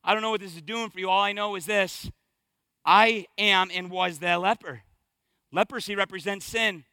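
High-voiced, bright, impassioned male preacher. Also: fairly even intonation, normal speed, clean tone, no echo. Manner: impassioned, swings from hushed to loud; conversational, colloquial preaching. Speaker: pastor. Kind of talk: sermon.

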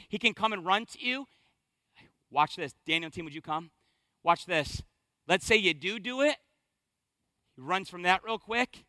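High, bright-voiced impassioned preacher man. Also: moderate pace, no room sound. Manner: impassioned, swinging between hushed and loud. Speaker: pastor. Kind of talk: sermon.

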